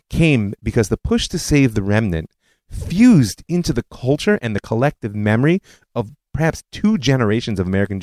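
A man's voice: fairly low pitch, a little mellow, no room sound. A man hosting a history podcast, telling it as a story with conversational asides. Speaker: podcast host. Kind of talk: scripted history narration.

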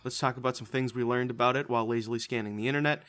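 A man's voice: medium pitch, steady tone, very fast, fairly bright tone. A man hosting a podcast in casual chat, crude, joking and offhand. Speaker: podcast host.

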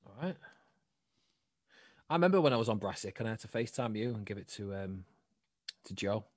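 A man's voice: fairly low pitch, lively intonation, brisk, no echo. A man, an actor and comedian, chatting as a podcast guest, bantering back and swearing casually. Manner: bantering, swears, defends his craft. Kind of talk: casual chat.

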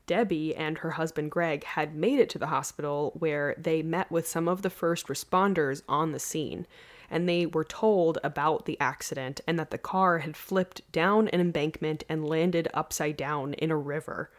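A woman's voice: deep voice, moderate pace. A woman hosting a podcast, telling a story in a casual, earnest way. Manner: earnest, lively, laughs easily. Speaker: podcast host.

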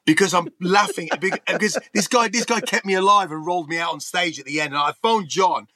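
Frank, rambling English man, bright voice. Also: high voice, a little fast, no room sound. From England. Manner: rambling, frank, swears freely, restarts often. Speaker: interview guest. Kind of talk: candid conversational storytelling.

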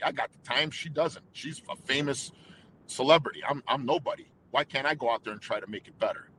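Speaking at a medium pitch with a sharp tone, a man who sings anthems opens up in an interview, telling his story in emotional, rambling sentences full of restarts and quoted inner thoughts. The audio is poor, with slight hiss or hum.

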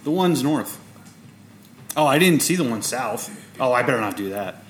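A man playing in a tabletop game, low-key and sure of the rules. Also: lively intonation, normal speed. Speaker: player. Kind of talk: casual tabletop play.

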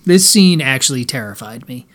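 A man co-hosting a casual podcast about a movie, talking in fast animated bursts and laughing often. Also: mid-range voice, crowd noise. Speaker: podcast co-host.

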